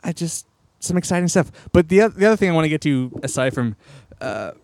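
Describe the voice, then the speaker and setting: A man hosting a casual podcast, rambling with lots of fillers, swearing and excited outbursts. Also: fairly high pitch, fast, slight background noise. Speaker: podcast host.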